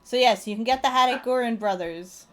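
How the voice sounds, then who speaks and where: A woman hosting a casual livestream, upbeat and bubbly, quick to agree and cheer her guest on. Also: a little high, fairly bright tone, soft background music. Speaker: stream host.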